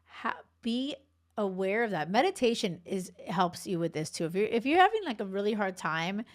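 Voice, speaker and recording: A woman's voice: medium pitch, very animated, normal speed. A woman in her forties hosting a dating podcast as a coach, talking bluntly in a casual monologue, swearing freely and laughing between asides.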